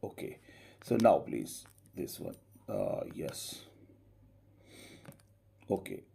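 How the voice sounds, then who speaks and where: A male English teacher giving an online class lecture, explaining slowly and tagging many lines with a rising "okay?". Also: sits low, sing-song, creaky, mellow, husky. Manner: slow, drawn-out explaining with frequent rising "okay?".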